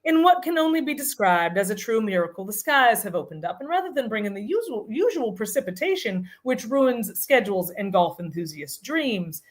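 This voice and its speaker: A genteel Southern lady with an affected Southern drawl, put on by a woman reading a comic email aloud. She speaks slowly and in ornate, flowery phrases, and her pitch swoops widely and expressively. The effect is grand and mock-stately. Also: sing-song. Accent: American Southern, affected.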